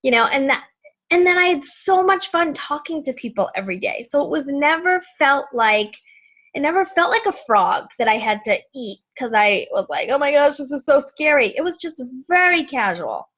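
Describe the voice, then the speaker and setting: Woman coach, high voice, chatty and animated, casual training talk on a dull lo-fi line. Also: normal speed. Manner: chatty, animated, acts out bright friendly messages. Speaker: team coach leading a training call. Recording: dull lo-fi sound.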